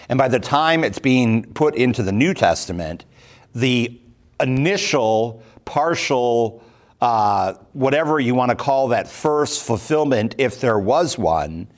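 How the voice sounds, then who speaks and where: A man leading a Bible class as pastor, talking it through slowly with many pauses, ums and restarts. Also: medium pitch. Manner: slow, thoughtful, many fillers and restarts. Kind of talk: unscripted Bible class teaching.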